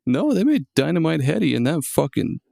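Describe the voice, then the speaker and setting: A man's voice: a little high, very animated, fairly quick, gravelly, warm tone, no echo, studio quality. A man co-hosting a casual podcast, laid-back, swearing and saying dude a lot. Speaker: podcast co-host. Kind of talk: casual chat.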